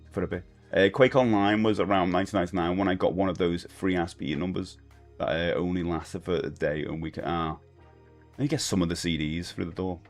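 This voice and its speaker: A middle-aged man with a lowish voice chats casually on a live stream from a home setup. He rambles and reads out comments from chat to answer them. Faint music plays in the background. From United Kingdom.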